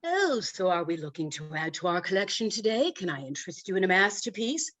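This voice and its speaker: A woman voicing an elegant, persistent male art dealer with courteous, suave sales patter, pitched lower than her own voice. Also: sing-song, a little fast, a bit bright. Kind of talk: humorous speech impression.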